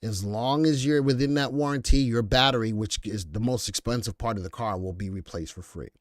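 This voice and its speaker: A man hosting a live stock market commentary show, animated and joking as he reads viewer comments aloud. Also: mid-range voice, fairly quick, dry recording, studio quality.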